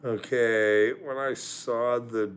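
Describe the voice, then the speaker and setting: A man's voice: medium pitch, steady tone, slow. A man hosting a livestream, ranting and laughing, swearing often, insistent and repeating himself while he reacts to the chat. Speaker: livestream host. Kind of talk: casual livestream rant.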